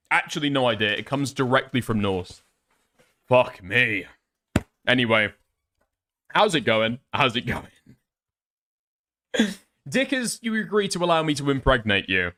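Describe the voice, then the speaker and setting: A man's voice: medium pitch, fairly bright tone. A man chatting casually and rambling on a live stream, swearing often. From northern England.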